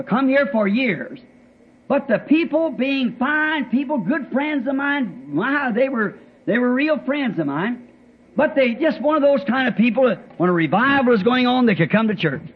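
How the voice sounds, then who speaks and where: On a muffled, lo-fi old recording, a preacher with a very high, slightly rough voice tells his testimony. His sermon storytelling rambles in folksy fashion, marked by plain rural grammar.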